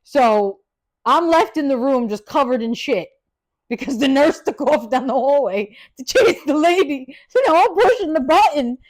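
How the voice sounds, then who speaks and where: A woman hosting a podcast, telling a wild story in a casual, profane rant, swinging from loud and laughing to low, quiet asides. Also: expressive, normal speed. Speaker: podcast host.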